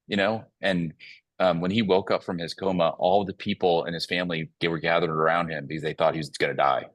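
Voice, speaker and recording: Very deep male voice, dry sound, earnest storyteller, casual panel talk. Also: fairly even intonation, fairly quick, fairly bright tone, dry recording. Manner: earnest, storytelling, filler-heavy. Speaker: company CEO guest.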